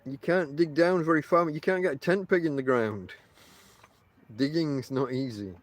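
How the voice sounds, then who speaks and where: At a moderate pace and a slightly high pitch, a chatty northern English man from England rambles on as a podcast host. Outdoors on the coast, he speaks directly to listeners in a mixed Yorkshire and Lancashire accent, meandering with many ums and restarts.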